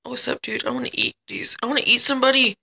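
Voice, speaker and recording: High, gravelly, excitable gamer guy. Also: very fast, low-quality recording. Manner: excitable, chatters at other players, yelps. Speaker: gamer and channel host. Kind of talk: let's play commentary.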